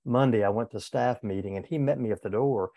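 Older male former pastor for a conversation piece: earnest, candid storyteller, warm mellow tone, dry close sound. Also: fairly low pitch, a little fast, vocal fry, dry recording. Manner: earnest, candid, with frequent restarts. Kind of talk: reflective personal storytelling in conversation.

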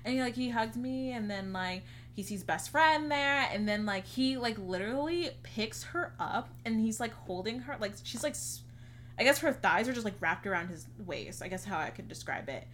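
A young woman with a bright, clear voice tells a rambling story on a casual podcast. She fills her talk with "like" and slips into quick impressions of the people she describes. A faint hiss sits under her voice. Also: fairly high pitch, lively intonation. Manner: chatty, heavy use of "like", acts out quotes. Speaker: podcast co-host.

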